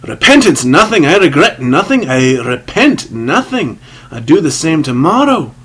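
A man voicing a big adventurer haunted by guilt, defiant yet terrified, in loud, strained, raised outbursts in an audiobook reading. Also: medium pitch, lively intonation, slow, breathy edge, full character voice. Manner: blustering outbursts.

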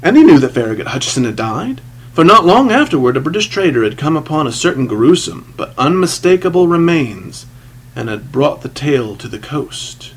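A man narrates an adventure story from a script with dramatic, shifting emphasis. His voice is gravelly and husky. The pitch moves a great deal across each phrase. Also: big pitch swings, normal speed, poor audio. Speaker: audiobook narrator.

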